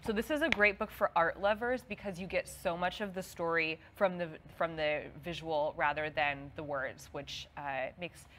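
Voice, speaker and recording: A woman co-hosting a relaxed comic book chat, her voice sitting a little low for a woman. She talks with enthusiasm and gushes freely. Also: moderate pace, few pauses, a little hiss or hum. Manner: enthusiastic, gushing about artwork. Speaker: comic book show co-host. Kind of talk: casual chat.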